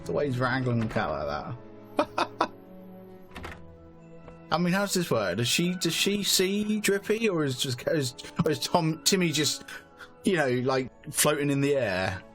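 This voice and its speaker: Man streaming a game, casual, rambling, animated high voice, faint music behind. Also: unhurried. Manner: musing, rambling, thinking aloud. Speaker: gamer streaming a playthrough. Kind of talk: casual commentary while playing.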